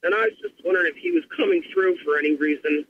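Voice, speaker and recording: A woman's voice: on the low side, wildly swooping pitch, very fast, vocal fry. Shaken woman calling in on a muffled line. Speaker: caller. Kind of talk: phone-in call. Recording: dull lo-fi phone line with faint noise.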